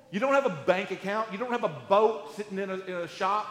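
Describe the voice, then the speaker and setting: Male pastor, high-pitched, emphatic sermon delivery, roomy reverberant church sound. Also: quick pace, a bit bright. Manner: emphatic, repetitive preaching with sarcastic quoted voices. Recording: echoey hall.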